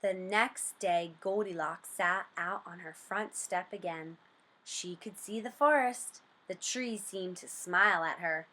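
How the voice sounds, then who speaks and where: A woman reading a storybook aloud for children, slow, expressive and sing-song, then asking comprehension questions. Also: fairly low pitch.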